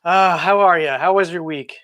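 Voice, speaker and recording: A man hosting a casual sailing chat show, relaxed and joking with plenty of fillers. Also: high-pitched, moderate pace, muffled recording. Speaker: podcast host.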